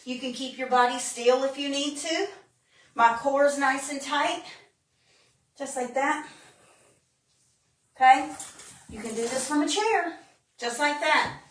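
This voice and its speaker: Out-of-breath female fitness coach, unhurried delivery, recorded in a roomy space from a distance. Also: high-pitched. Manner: coaching while exercising, counting reps. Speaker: fitness instructor. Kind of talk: live workout demonstration. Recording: roomy, distant phone-camera sound.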